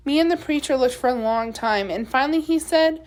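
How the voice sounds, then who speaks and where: A woman teacher reading a children's novel aloud in a steady, expressive storytelling voice. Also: sits high, a little fast.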